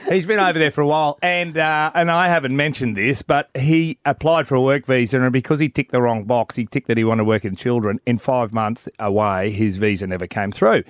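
Australian man, blunt joking co-host, dry close sound, mid pitch. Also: brisk, few pauses, clear, resonant tone, no room sound. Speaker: radio co-host. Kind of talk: casual chat.

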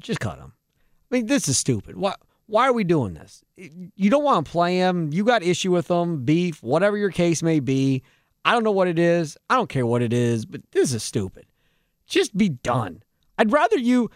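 Guy on sports radio going off about his team, bit high voice, very up and down. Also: no room sound, studio quality. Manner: animated, heated rants. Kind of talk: postgame sports talk.

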